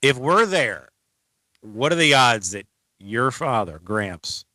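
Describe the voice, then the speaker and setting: A man's voice: medium pitch, very animated, slow pace, sharp tone, no echo. A man, co-hosting a casual podcast, rambling and asking lots of questions. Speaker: co-host.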